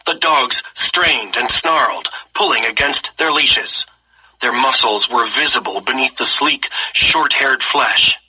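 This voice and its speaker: A man reads a story aloud, expressive and steady, stopping now and then to ask lesson questions. His voice is very bright and sharp-edged, with a husky, breathy grain. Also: mid-range voice, rough recording. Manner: expressive reading, slipping into character voices. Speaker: story reader.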